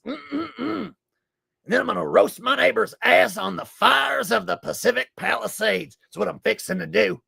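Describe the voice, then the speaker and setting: Man impersonating a gravelly, bellowing conspiracy radio host. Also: high-pitched, pushed and bright, no echo, studio quality, voice pushed up, full character voice. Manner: bellowing, unhinged, profane. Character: ranting middle-aged male conspiracy radio host, furious.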